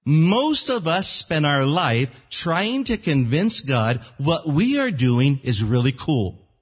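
A man preaching with a lively, swooping voice that sits a little high and sounds husky. He acts out prayers in little character voices as he teaches. The sound is dull and lo-fi, with a long echo from the church hall. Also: slow. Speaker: pastor. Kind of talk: sermon.

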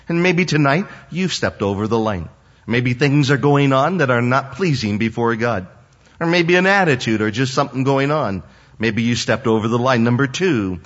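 A man preaching a sermon as pastor, swinging between loud emphatic highs and quiet dropped lows. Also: expressive, moderate pace, dull audio.

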